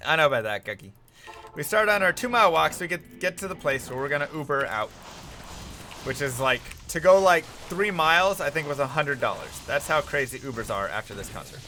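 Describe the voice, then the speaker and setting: A man's voice: on the high side, lively intonation, brisk, pushed and bright, a little hiss or hum. A man telling a rambling, self-mocking story in casual chat while streaming a game.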